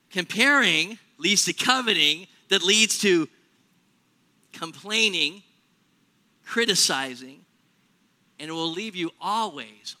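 A man preaching a sermon in a church, animated, acting out little everyday scenes in other voices. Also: high-pitched. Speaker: pastor.

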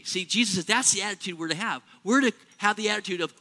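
A man preaching a sermon in a church, animated, acting out little everyday scenes in other voices. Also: high voice, fast, few pauses. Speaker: pastor.

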